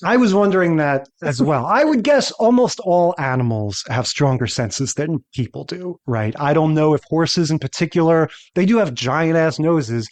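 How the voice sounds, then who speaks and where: Man, podcast co-host, rambling casual chat, slightly higher voice. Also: expressive, moderate pace, few pauses. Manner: rambling, often checks in with "right?".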